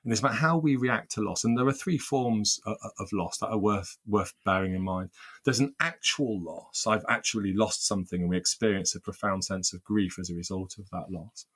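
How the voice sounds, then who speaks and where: A man whose voice is fairly low, a bit bright and husky answers interview questions about his work as a workplace mediator. He talks a little fast and earnestly, repeating words as he restarts and piling phrases into lists.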